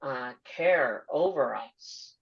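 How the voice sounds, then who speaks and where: A woman hosting a podcast interview, earnest and measured as she asks questions and comments. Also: a bass voice, animated, gravelly. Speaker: podcast host. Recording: dull lo-fi audio.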